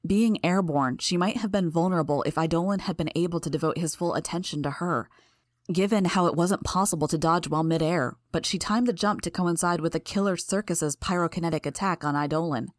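A woman narrating a first-person audiobook in a steady, measured reading. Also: lowish voice, dry recording, studio quality.

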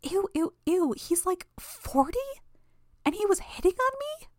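Woman doing squeaky bratty audiobook girl Imp. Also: big pitch swings, unhurried, no echo, clean studio sound, heavily acted. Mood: disgusted. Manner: high squealing teasing. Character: bratty young woman, mocking and easily grossed out.

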